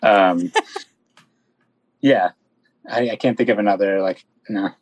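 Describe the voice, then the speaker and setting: A man who is a podcast guest in casual chat, relaxed and hesitant, with many fillers. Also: fairly low pitch, slow pace, no room sound, muffled recording.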